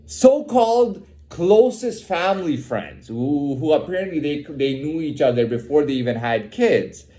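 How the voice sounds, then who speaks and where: Heated young man venting, profane and repetitive, with a lively voice. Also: a little high, a little slow. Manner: heated, profane, repeats himself and says "man" a lot. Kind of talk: candid personal rant.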